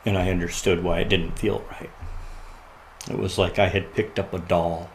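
Deep-ish voice guy telling his story, earnest, goes quiet and halting, faint hiss behind. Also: flat delivery, poor audio. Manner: earnest, quiet and halting in grief, laughs at lighter moments. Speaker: podcast guest. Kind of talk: personal story in conversation.

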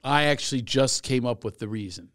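A man's voice: medium pitch, brisk, a bit bright, no echo, clean studio sound. A man co-hosting a casual comedic podcast, teasing his co-host and laughing often. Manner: teasing, laughs often, reads definitions aloud.

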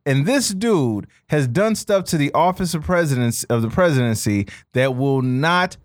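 Male podcast co-host, lively swooping voice, dry sound, preachy and profane. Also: on the high side, normal speed, no echo. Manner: animated, preachy, swears, repeats points. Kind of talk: casual political chat.

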